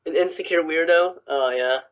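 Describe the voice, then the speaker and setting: A man hosting a casual chat on a call, playful and stumbling over his words with quick restarts. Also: a little high, a bit bright, clear, resonant tone, rough recording. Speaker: host.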